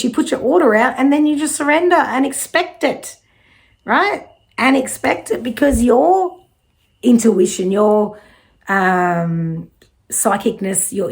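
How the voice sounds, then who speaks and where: Chatty Australian woman giving a card reading. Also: mid-range voice. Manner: chatty and reassuring, swears casually. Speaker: psychic card reader. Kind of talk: casual spiritual card reading.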